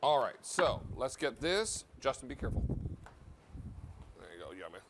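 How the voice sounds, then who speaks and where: A man's voice: medium pitch, big pitch swings, moderate pace, a little hiss or hum. A man hosting a live home-shopping show, giving chatty, upbeat selling patter about a kitchen appliance. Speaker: TV shopping host.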